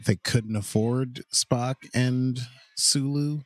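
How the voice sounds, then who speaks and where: A man's voice: medium pitch, steady tone, slow pace, no room sound. A man co-hosting a casual watch-along podcast, playful and jokey, tossing in quoted lines and goofy voices. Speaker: podcast co-host.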